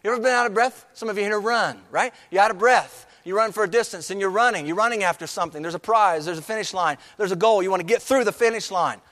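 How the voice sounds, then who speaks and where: A man's voice: high voice, fast talker, few pauses, fairly bright tone. A man pastor preaching a sermon, building to emphatic, rising passages. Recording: long hall reverb.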